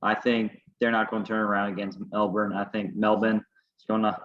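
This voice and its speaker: Male podcast co-host with a lowish voice, casual and teasing, recorded in an echoey room. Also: little pitch movement, normal speed, highs cut off. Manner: teasing, confident picks. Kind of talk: casual sports chat.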